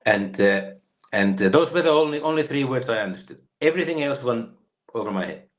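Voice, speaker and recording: A Finnish former footballer in his fifties tells rambling stories during an interview, his mid-range voice expressive and fairly quick. He fills his speech with fillers and frequently starts over.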